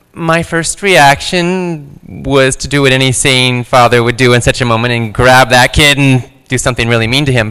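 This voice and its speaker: A man in his thirties telling a personal story on stage, calm and gentle, with quiet stretches. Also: on the high side, smooth, in a large hall. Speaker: guest speaker.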